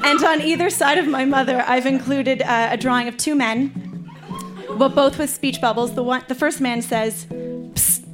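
Somewhat high-voiced woman, amused reading in a live club, guitar music behind. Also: moderate pace. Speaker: reader of her childhood letter.

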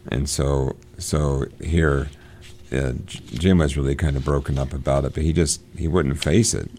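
A man reading a novel aloud and discussing it, pausing often with fillers and restarts. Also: rumbling low, fairly even intonation, a little mellow. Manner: halting, many fillers and restarts. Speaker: discussion leader.

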